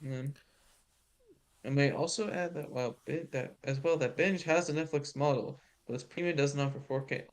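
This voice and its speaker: A man co-hosting a TV aftershow in casual chat, making dry, deadpan quips. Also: fairly high pitch, moderate pace. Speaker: aftershow co-host.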